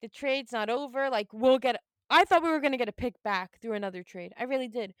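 Young woman, casual sports chat, animated, laughing, fairly high voice, dry close sound. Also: a little fast, clear, resonant tone, no echo. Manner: animated, laughing, acts out reactions. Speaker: podcast co-host, basketball fan.

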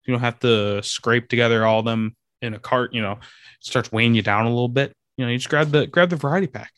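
A man's voice: medium pitch, quick pace, a bit bright, dry recording, clean studio sound. A man hosting a casual podcast, chatty and upbeat, reading an ad in a loose conversational way. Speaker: podcast host.

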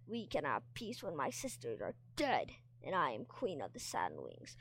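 A woman's voice: low voice, huge pitch swings, moderate pace, fairly bright tone, breathy edge, no room sound, exaggerated voice. A woman voicing a cruel, mocking female sand dragon who wants to be queen, with a sneering, taunting manner. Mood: scornful.

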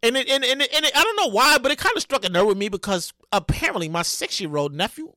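A man hosting his show in a casual comedic monologue, profane and animated, often stammering and restarting, with sudden loud sing-song exclamations. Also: very high-pitched, quick pace, no echo, studio quality. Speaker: show host.

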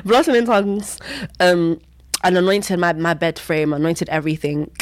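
Candid woman, low-pitched and dry. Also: brisk, no echo. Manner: candid, repetitive, bursts into high exclamations. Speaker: Christian vlogger sharing testimony. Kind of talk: personal testimony monologue.

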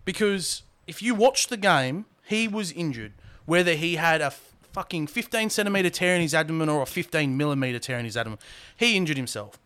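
A man's voice: fairly high pitch, lively intonation, fairly quick, hardly any pauses, bright, forceful tone, clean tone. A young man with an Australian accent co-hosting a podcast, ranting casually and swearing freely. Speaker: podcast co-host.

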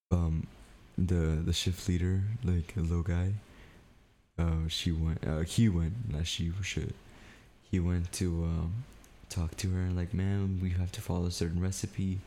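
Deep and warm, this young male podcast co-host rambles through a casual story, swearing and leaning on "like" and "dude." A little hiss or hum sits under the recording.

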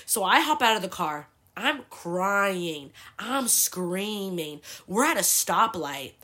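A woman in her twenties hosting a podcast, telling a personal story in a casual, animated way, swearing freely and leaning on "like" a lot. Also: slow, hardly any pauses. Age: 20s. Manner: acts out quoted people with big pitch jumps. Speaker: podcast host.

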